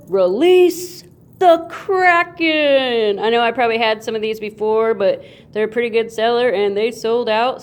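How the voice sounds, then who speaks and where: A woman hosting a casual unboxing video, playful and goofy, with sound effects and drawn-out, excited remarks. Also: medium pitch. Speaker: coin channel host.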